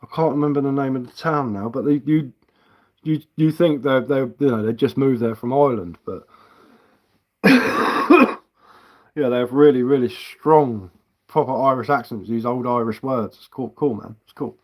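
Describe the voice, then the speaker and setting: A man's voice: mid-range voice, moderate pace. A middle-aged man talks loosely on a live stream, circling back on his words as he goes. He swears without a second thought and breaks into laughter often. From England. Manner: rambling, swears freely, laughs often, frequent restarts. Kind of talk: casual live-stream chat.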